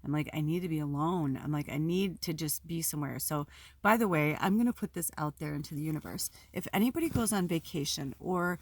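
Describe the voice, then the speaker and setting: A woman's voice: deep voice, a little fast, no echo. A woman host talking casually and emotionally about her life at home, rambling with many fillers and some swearing. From Pacific Northwest United States. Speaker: spiritual video host. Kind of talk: casual personal vlog talk.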